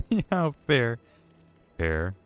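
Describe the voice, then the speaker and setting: A man's voice: mid-range voice, huge pitch swings, drawn-out words, soft background music. A man giving casual, joking live-stream commentary while playing a game, rambling with restarts, drinking as he talks. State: drinking alcohol.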